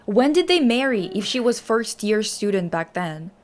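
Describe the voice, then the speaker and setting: A woman's voice: medium pitch, moderate pace. Blunt, swearing young woman streamer. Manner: blunt, swearing, animated reactions. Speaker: streamer host. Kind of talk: casual stream chat.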